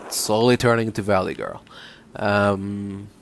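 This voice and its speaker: A man casually commenting on a game he is playing, relaxed and rambling. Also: fairly low pitch, a little slow, gravelly, slight background noise. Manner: relaxed, rambling with fillers and restarts. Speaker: let's play host.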